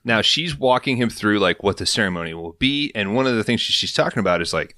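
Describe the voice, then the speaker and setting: A man hosting a podcast, recapping an episode in an animated, casual storytelling way with a lot of swearing. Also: fairly low pitch, quick pace, few pauses, no echo, clean studio sound. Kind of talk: casual chat.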